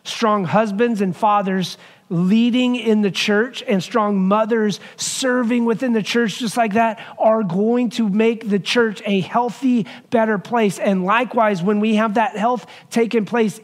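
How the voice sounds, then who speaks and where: A middle-aged man gives a sermon in a church sanctuary, talking in a relaxed, conversational way. His voice sits high for a man. He drops his pace and leans on the words when he reaches the points he wants remembered. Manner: conversational, slows down to stress key lines. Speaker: pastor.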